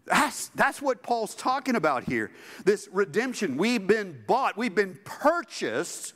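Male preacher, high-pitched and emphatic, sermon with a long church-hall reverb. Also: slow pace. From Southern United States. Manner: animated, emphatic preaching with joking asides. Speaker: pastor. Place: church sanctuary.

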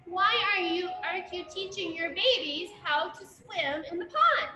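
A woman's voice: extremely high pitch, measured pace, noisy background. Nosy barnyard chicken, as a woman puts it on. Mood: questioning. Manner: storybook voice for small children. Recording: roomy echo.

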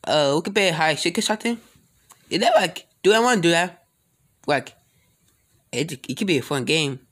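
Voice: medium pitch, expressive, moderate pace, fairly bright tone. A speaker improvising a plush toy role-play in a rambling, mumbly way, full of slang and filler sounds.

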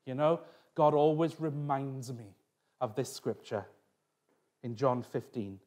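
A man's voice: medium pitch, slow pace, a little mellow. A middle-aged man preaching a sermon as pastor, telling a personal story with restarts and asides.

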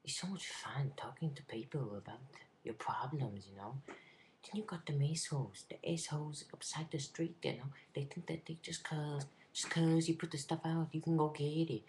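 A man voicing a cranky male shopkeeper who rants and shouts at customers, with a put-on accent. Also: medium pitch, slow pace, pauses often, echoey room, a little hiss or hum, voice pushed up. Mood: complaining. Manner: ranting, shouting, repeats himself.

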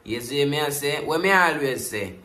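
The voice is a little high, the speed normal, the room reverberant: a Jamaican man reacting to a music video in patois. He's animated the whole way, with casual commentary that keeps cycling through the same catchphrase refrains.

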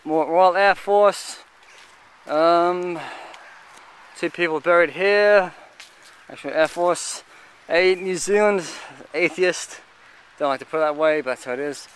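A man giving casual, halting commentary as he walks through an outdoor cemetery, listing what he sees with many fillers. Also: a little high, clear, resonant tone. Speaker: vlogger touring a cemetery.

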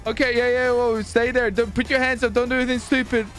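A young man streaming improvised game role-play, excitable and panicky, who often swears. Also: very high voice, fast talker, over loud music.

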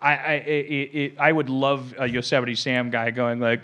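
A man in his forties hosting a podcast, rambling through casual comedic chat and breaking into loud, shouting impressions. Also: medium pitch, completely flat delivery, moderate pace. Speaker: podcast host.

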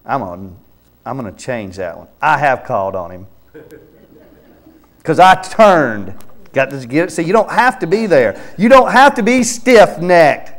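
A man's voice: a little high, animated, measured pace, pauses often. A man preaching a sermon in church, reading scripture aloud emphatically and commenting on it. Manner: reads scripture aloud with his own name inserted, then comments; emphatic, rising to loud exhortation. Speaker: pastor. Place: church sanctuary.

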